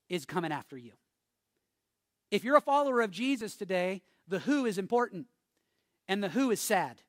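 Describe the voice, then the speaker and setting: A man's voice: high-pitched, a bit bright, no room sound, studio quality. A man preaching a sermon as pastor, joking with the congregation and building to emphatic, repeated warnings. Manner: jokey, emphatic preaching with call-and-response.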